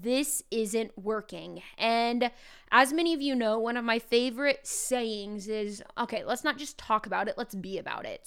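Woman podcast host, chatty direct address, fairly high smooth voice. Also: fairly bright tone. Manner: chatty, conversational, speaks directly to listeners. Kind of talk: casual podcast monologue.

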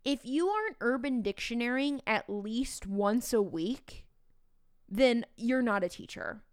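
A woman in her thirties, a teacher hosting a podcast, talking in a chatty, animated way with playful asides to the listener. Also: fairly high pitch, a little slow, clear, resonant tone, no echo, clean studio sound. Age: 30s. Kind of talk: casual podcast talk.

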